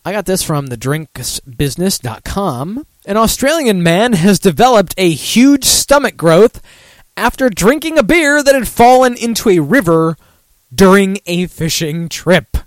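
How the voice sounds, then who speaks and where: A man's voice: high voice, very animated, a little slow, dry recording. A man hosting a casual one-man talk show, rambling and swearing, laughing at his own remarks. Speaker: radio show host.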